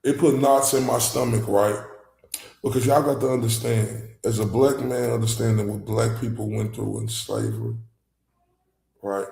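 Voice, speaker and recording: A man from Dallas giving casual, emphatic reaction commentary as a YouTuber, swinging between loud outbursts and low muttering. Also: fairly even intonation, normal speed, vocal fry. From Dallas, Texas. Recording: echoey room.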